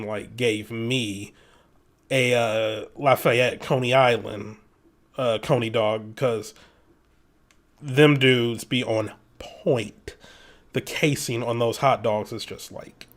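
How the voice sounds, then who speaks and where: A man's voice: mid-range voice, a bit bright. A man giving laid-back, slangy commentary while playing through a game. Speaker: let's play host. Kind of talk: casual gameplay commentary.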